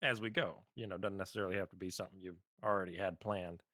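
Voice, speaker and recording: A man's voice: sits low, steady tone, fast talker, sharp tone. A man as game master, chatting easily with his players and filling gaps with ums. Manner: easygoing, loose with fillers. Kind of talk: casual chat running a tabletop game online. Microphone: desk mic shared in a room with another player. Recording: roomy voice-chat sound with reverb.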